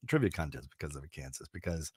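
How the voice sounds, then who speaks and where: A man's voice: rumbling low, quick pace, slightly rough, dry recording, clean studio sound. A middle-aged man hosting a radio show, chatting casually about music and telling rambling stories. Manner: rambling, animated storytelling with restarts.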